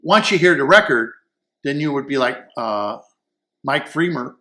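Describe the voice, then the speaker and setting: Animated and measured in pace, a man with a bright, forceful mid-range voice gives an excited, casual review of audio gear, wandering and repeating words while searching for the right phrasing.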